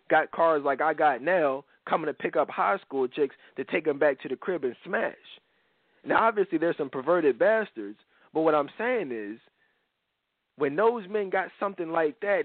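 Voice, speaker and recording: A man's voice: fairly high pitch, no echo. Blunt slangy male radio host. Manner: blunt and rambling, heavy slang, many restarts. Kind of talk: casual radio talk. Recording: dry tinny phone-line radio sound.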